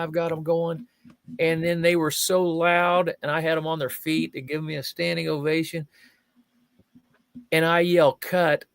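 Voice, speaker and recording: A man's voice: fairly high pitch, no echo. An older man, a guest magician and fire eater, telling stories in a chat show and acting out the people in them. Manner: lively storyteller, acts out quoted voices. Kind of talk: anecdotal storytelling in a chat show.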